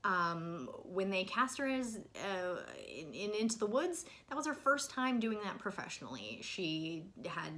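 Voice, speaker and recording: A young woman talking casually to camera in a film review vlog, animated and exasperated, jumping from loud outbursts to soft asides. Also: mid-range voice, measured pace, few pauses, a little hiss or hum.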